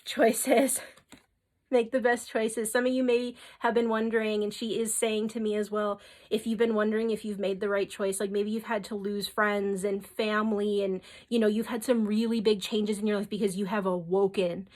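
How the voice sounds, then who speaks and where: Speaking at a moderate pace with a medium pitch and flat delivery, a young woman reads tarot with soft, earnest emotion. She keeps tossing in "okay?" and "like" as she goes through the spiritual reading.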